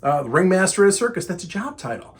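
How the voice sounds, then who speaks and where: Man, middle-aged, casual storytelling, exasperated, quotes both sides, slightly higher voice. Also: quick pace. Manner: animated, exasperated retelling with quoted dialogue. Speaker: speaker and trainer telling a story.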